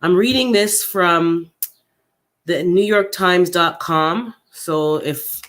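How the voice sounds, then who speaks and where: A man hosting a casual livestream for his viewers, upset and unsettled, who thinks out loud in a halting way and often repeats his words. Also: high-pitched. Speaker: gardening channel host.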